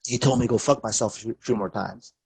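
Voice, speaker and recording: A man teaching a therapy workshop, telling lively anecdotes and acting out what people said. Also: quick pace, creaky, husky. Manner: animated storytelling, acts out quoted lines with big pitch jumps. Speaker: therapist and lecturer.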